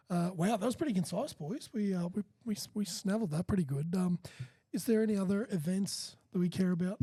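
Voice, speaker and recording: A man's voice: high voice, brisk, mellow, husky, no room sound. A man co-hosting a casual podcast, chatting in an easygoing, laid-back way with frequent restarts. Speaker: podcast co-host.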